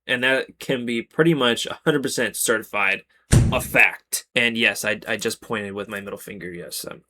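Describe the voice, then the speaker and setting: A man's voice: on the low side, moderate pace, very noisy. A man reading out Reddit posts and breaking in with sarcastic, exasperated commentary in a casual chat style. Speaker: Reddit story narrator.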